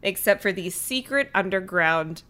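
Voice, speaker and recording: A young woman co-hosting a podcast, chiming in with blunt, quick reactions and laughs in casual chat. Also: medium pitch, expressive, pushed and bright. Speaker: podcast co-host. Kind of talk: casual book-recap chat.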